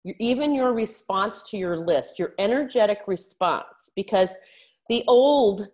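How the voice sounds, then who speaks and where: Frank woman coaching on her podcast. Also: a little slow. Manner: frank, swears casually, animated shifts in pitch. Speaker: life coach. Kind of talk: solo podcast coaching talk.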